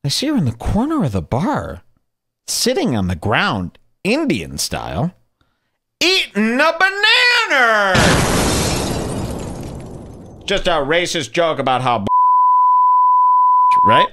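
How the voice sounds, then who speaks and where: A man's voice: fairly high pitch, a little slow, long pauses, slightly rough. A man hosting a podcast, talking casually and sarcastically as he comments on video clips in a studio. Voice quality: sarcastic, animated storyteller. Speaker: podcast host. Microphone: studio microphone.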